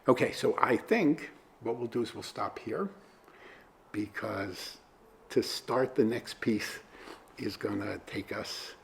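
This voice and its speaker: A man teaching a religious study class, speaking in a halting, conversational way with many fillers. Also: fairly low pitch, gravelly, slight background noise. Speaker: Torah teacher.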